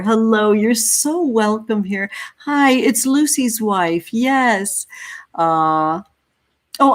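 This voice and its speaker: Woman, thirties, from California, tarot livestream host, casual chat, affectionate, gushing. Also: medium pitch. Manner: affectionate, gushing, calls viewers honey and sweetie. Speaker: tarot reader hosting a live stream.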